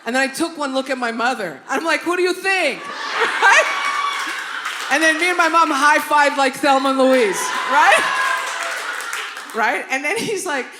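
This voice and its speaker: A woman comedian from Canada performing a stand-up routine on a club stage, animated, with loud outbursts and constant asides to the crowd. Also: high-pitched, normal speed. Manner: animated, loud outbursts, constant "right?" and "you know what I mean?". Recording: roomy live club recording with noise.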